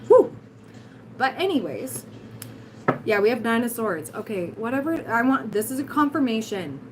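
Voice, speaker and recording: Raspy, hoarse woman doing a tarot livestream. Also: mid-range voice, background noise. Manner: blunt, encouraging, giggly asides. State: hoarse, voice recovering. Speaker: tarot reader, livestream host. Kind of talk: casual livestream tarot reading.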